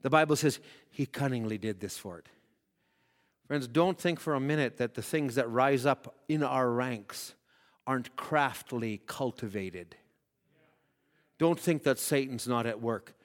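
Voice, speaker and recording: A man's voice: mid-range voice, measured pace, big-room sound. A man preaching a sermon, reading scripture aloud and building to emphatic, rising appeals. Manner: preaching with rising emphasis, voicing quoted prayers.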